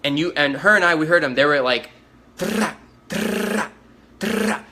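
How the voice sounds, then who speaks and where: A man's voice: on the high side, quick pace, background noise. A man giving first-person eyewitness testimony, telling it urgently and insistently, acting out the lines of the people he met. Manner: urgent, insistent storytelling with quoted dialogue and restarts. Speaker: eyewitness recounting an event.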